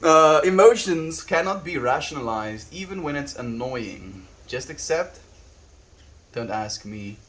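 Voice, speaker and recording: A South African man chatting on a livestream, soft-spoken and reflective, reading viewers' messages aloud. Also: medium pitch, animated, unhurried. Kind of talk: casual livestream chat.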